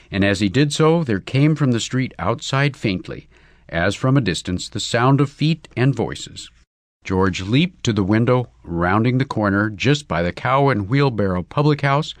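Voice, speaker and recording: A man narrating a comic story in a measured, wry reading. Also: on the low side, dry recording.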